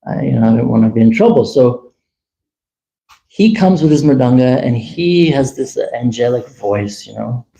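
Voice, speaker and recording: A man telling a long personal story at a temple gathering, chatty and animated, acting out the dialogue. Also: mid-range voice, moderate pace, vocal fry, low-quality recording. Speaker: temple speaker. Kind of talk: casual storytelling talk.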